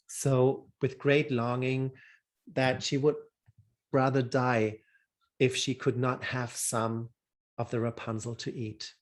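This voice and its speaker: Male storyteller for a fairy tale reading; unhurried, deliberate, mid-range voice. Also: medium pitch, flat delivery. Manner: slow, measured, deliberate reading.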